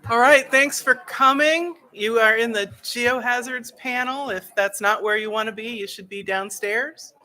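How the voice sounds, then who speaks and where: Bright-voiced woman moderating a panel. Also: fairly high pitch, a little slow, few pauses. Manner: friendly, with frequent fillers. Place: hotel ballroom conference session.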